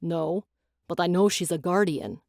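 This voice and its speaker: A woman voicing a low, clipped young fae smuggler. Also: a little slow, vocal fry, darkish tone, no room sound, clean studio sound. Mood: tense, hushed.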